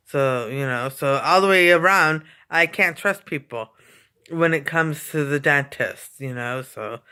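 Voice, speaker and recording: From a home basement, a vlogger with a mid-range, pushed, bright, clean-toned voice chats casually. The talk rambles and repeats itself, packed with fillers and frequent yawns.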